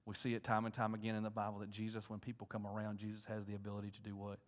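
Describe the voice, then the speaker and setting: A male pastor preaching a sermon to his congregation, dropping to hushed asides and rising to loud, intense appeals while asking the room questions. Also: on the low side, completely flat delivery, racing. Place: church sanctuary.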